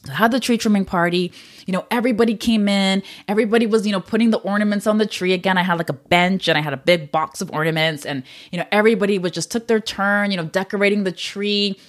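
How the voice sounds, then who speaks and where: A woman's voice: mid-range voice, quick pace. A woman hosting a wellness podcast, talking in a casual, candid way with many fillers and frequent laughs, a little choked up at times. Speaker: podcast host. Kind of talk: casual solo podcast talk.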